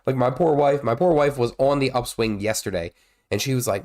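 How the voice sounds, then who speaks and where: Speaking at normal speed in a medium-pitched, darkish voice, a man in his thirties with a cold streams a game. His live commentary is casual and rambling, full of chatter and exclamations at the gameplay.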